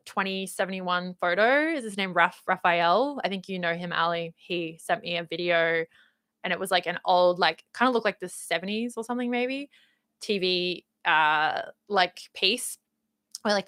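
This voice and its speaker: A young woman with an Australian accent and a touch of Valley Girl inflection, talking in a loose, rambling way packed with "like" and "um". Her voice is bright and a little low for a woman, recorded close and dry. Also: no room sound. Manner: upbeat, rambling, uses many fillers like "like" and "um". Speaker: YouTube host reading live chat. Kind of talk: casual livestream chat.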